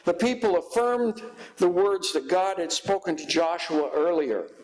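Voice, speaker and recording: A guest pastor, a man, preaching a sermon in a church, slow and halting with frequent fillers. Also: high voice, a little mellow, poor audio.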